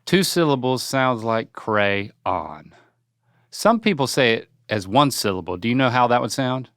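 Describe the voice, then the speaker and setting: A man's voice: mid-range voice, lively intonation, normal speed, fairly bright tone, no echo, clean studio sound. A young man hosting a casual chat, quizzing his father and joking playfully as he rattles off lists. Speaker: podcast host. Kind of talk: casual chat, quiz questions.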